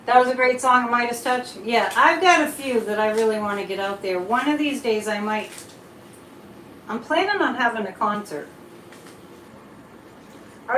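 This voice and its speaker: A woman's voice: high voice, pushed and bright, reverberant, a little hiss or hum, poor audio. A woman hosting a casual psychic live stream, chatting freely, reading viewer comments aloud and drifting off topic as she reads tarot cards. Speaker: psychic livestream host.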